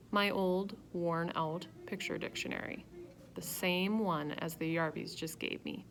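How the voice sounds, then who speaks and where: Woman, storybook narration, low pitch, animated. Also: moderate pace, a little hiss or hum. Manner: lively first-person storytelling. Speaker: reader.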